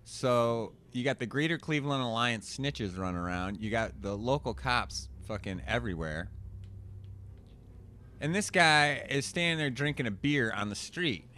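A young man telling a profane story in animated rants while commentating a card game. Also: mid-range voice, normal speed, slight background noise. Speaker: gameplay commentator. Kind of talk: casual storytelling over gameplay.

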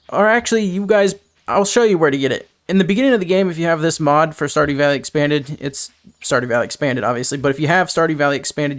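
Young male let's-play host, rambling and casual, higher voice. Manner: rambling, chatty, self-correcting. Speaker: gaming host.

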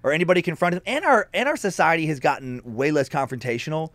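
Comedian guy chatting on a podcast, fairly high voice, animated, swears a lot. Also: quick pace, dry recording. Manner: animated, swears freely, acts out angry outbursts. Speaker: guest comedian. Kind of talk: casual podcast chat.

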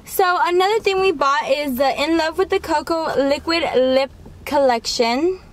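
A woman's voice: high voice, moderate pace, low-quality recording. A young woman vlogging with her twin sister, eager and chatty in casual talk. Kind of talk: casual chat.

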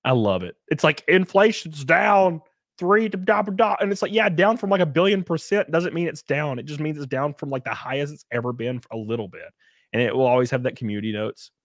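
A man's voice: mid-range voice, quick pace, no room sound, clean studio sound. A man chatting casually on a podcast, telling blunt, crude stories. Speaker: podcast host.

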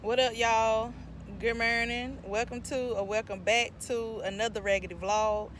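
Chatty North Carolina mom, venting. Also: female voice, a little high, flat delivery, unhurried, loud music behind the voice. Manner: talkative, irritated venting, addresses viewers as y'all. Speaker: mom vlogger. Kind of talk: chatty vlog talk to camera. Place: parked car, then inside a store.

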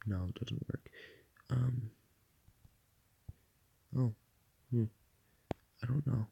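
A man's voice: mid-range voice, steady tone, drawn-out words, vocal fry, warm tone, lo-fi sound, a little hiss or hum. A man rambling through a casual vlog from his bed at night, full of fillers and swearing. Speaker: vlogger.

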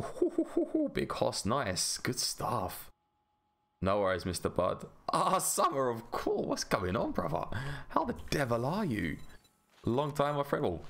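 Gravelly low-voiced London streamer. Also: male voice, fairly bright tone. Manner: chatty, reads chat aloud and greets viewers by name. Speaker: game streamer. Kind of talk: casual live-stream chat while playing. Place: home gaming room.

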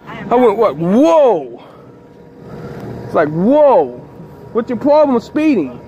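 A man's voice: extremely high pitch, big pitch swings, fairly quick, darkish tone, highs cut off, a little hiss or hum. A man rambling repetitively to camera outdoors, agitated and sleepy. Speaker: vlogger. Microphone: handheld camera.

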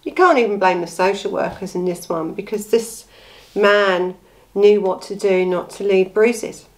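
A woman's voice: mid-range voice, measured pace, poor audio. Woman commentator, blunt and indignant, talking straight at the audience. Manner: indignant, blunt, rhetorical questions. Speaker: true crime commentator. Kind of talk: impassioned commentary on a case.

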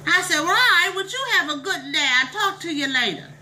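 A woman's voice: extremely high pitch, animated, brisk, bright, forceful tone, slight background noise, full character voice, rough recording. A woman playing a preachy, bossy middle-aged church lady, telling a comic story in an exclamatory, sermonizing drawl.

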